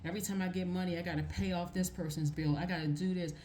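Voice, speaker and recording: Woman tarot reader with a lowish voice, emphatic, repeats lines for stress, faint noise underneath. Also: steady tone, fast, mellow. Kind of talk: casual tarot reading monologue.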